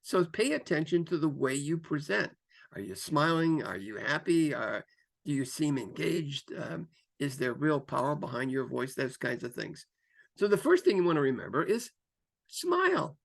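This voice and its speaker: Speaking at a moderate pace in a creaky voice, this career coach talks to camera in an instructional style. He keeps it lively with changes in pace and pitch, repeating himself and filling gaps with frequent fillers.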